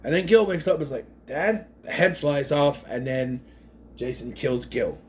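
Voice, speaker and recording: A movie reviewer with a medium-pitched voice talks at a normal speed, with slight noise in the background. He gives a casual, rambling recap of a film, drifting into tangents and briefly imitating the characters' voices in the middle of the story.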